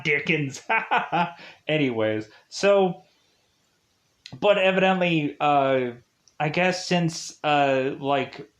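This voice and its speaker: Guy rambling thru a movie review, lots of like and uh, kinda high voice. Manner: rambling, heavy use of "like" and "uh". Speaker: film reviewer. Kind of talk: casual spoken film review.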